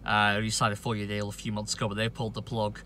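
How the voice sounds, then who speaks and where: A man's voice: fairly low pitch, completely flat delivery, sharp tone, a little hiss or hum. A man ranting indignantly to camera as a cricket vlogger, swearing often and stumbling over restarts. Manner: indignant, profane, halting with many restarts. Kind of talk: opinion rant to camera.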